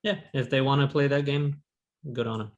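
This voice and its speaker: A man's voice: medium pitch, fairly even intonation, moderate pace, lo-fi sound. Guy on a call laying out his game plan, blunt, plain mid voice. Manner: blunt, decisive strategy talk. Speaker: game player.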